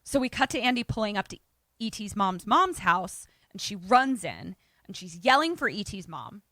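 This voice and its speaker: A woman co-hosting a podcast speaks at medium pitch and a moderate pace, with no room sound. She's an animated storyteller, casually retelling a film's plot, acting out the quotes and swearing now and then.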